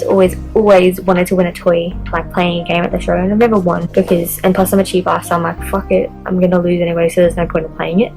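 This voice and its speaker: A woman's voice: mid-range voice, darkish tone, poor audio. A young woman vlogging to camera, telling a story in a chatty way, swearing often and saying "like" constantly.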